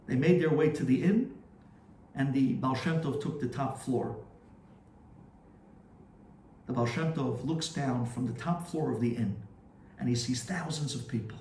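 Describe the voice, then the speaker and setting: A man, a rabbi, telling a story in a sermon with animated, dramatic delivery. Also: medium pitch, normal speed, distant mic, a little hiss or hum. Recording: roomy echo, faint ambience.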